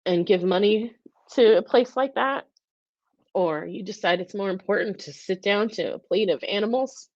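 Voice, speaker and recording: A woman hosts a live-stream talk in a fairly low voice, earnest and openly emotional, rambling through restarts. The sound is dry and a bit dull, like a lo-fi webcam mic. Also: no echo. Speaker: host.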